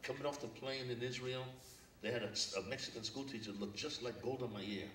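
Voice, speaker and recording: A man's voice: mid-range voice, fairly quick, fairly bright tone, a little hiss or hum. An older man from Brooklyn, a guest speaker telling stories at a public forum, earnest and reflective. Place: lecture hall. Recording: echoey hall from far off.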